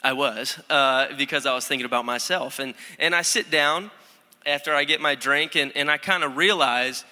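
In a church sanctuary with long hall reverb, a young student pastor with a congested, blocked nose from allergies delivers a casual sermon, poking fun at himself and restarting often. He speaks at normal speed in a fairly high, pushed, bright voice.

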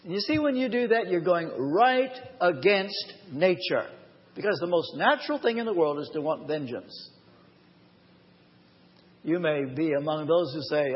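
A man preaching a live sermon, his voice sitting fairly high. He tells his story earnestly and drags out the key phrases for weight. The recording is dull and washed in long reverb from a large church hall. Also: lively intonation. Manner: earnest, personal storytelling with emphatic slowed phrases. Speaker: pastor.

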